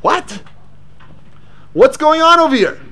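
High-voiced man giving an animated Torah class. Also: slow pace. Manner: animated, rhetorical questions, Yeshivish English with Hebrew and Yiddish terms. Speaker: rabbi teaching Torah class. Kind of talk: Torah lecture.

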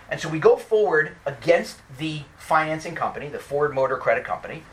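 A lawyer giving an animated storytelling talk, often restarting his sentences. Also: on the high side, slight background noise. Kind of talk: storytelling lecture.

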